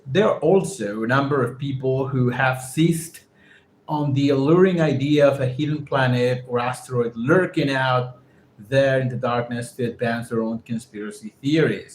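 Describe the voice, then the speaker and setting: A man's voice: medium pitch, darkish tone. A man whose first language is Spanish reads an article aloud for English practice, stopping often to repeat words and check how they are pronounced. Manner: halting, stops to repeat words and check pronunciation. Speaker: English learner reading aloud. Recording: roomy echo with faint background noise.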